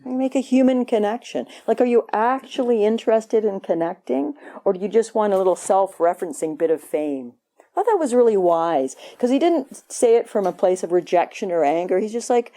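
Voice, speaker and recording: A woman's voice: mid-range voice, lively intonation, brisk, warm tone. A woman meditation teacher giving a conversational, playful dharma talk at a retreat, acting out quoted voices. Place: retreat hall.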